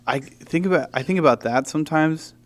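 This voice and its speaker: A young man hosting a podcast, chatting casually about movies in an animated way and laughing often. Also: a little high, fairly quick. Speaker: podcast host.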